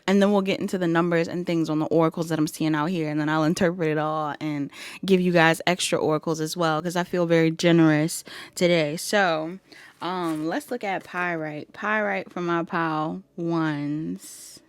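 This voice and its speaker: A woman's voice: low voice, fairly even intonation, normal speed, clear, resonant tone, dry recording. A woman doing a casual pick-a-card tarot reading to her viewers, chatty and giggly, calling them y'all. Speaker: tarot reader.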